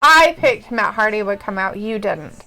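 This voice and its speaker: A woman's voice: mid-range voice, lively intonation, bright, forceful tone. A woman co-hosting a wrestling watch-along stream, chatting casually, giggling often and swearing freely. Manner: giggly, swears a lot, mimics wrestlers in quick asides. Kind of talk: casual chat.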